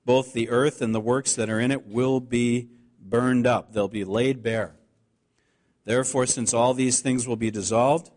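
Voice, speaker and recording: Earnest male preacher, steady middle voice. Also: medium pitch. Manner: earnest preaching, slows to stress scripture quotes. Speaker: pastor. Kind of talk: sermon.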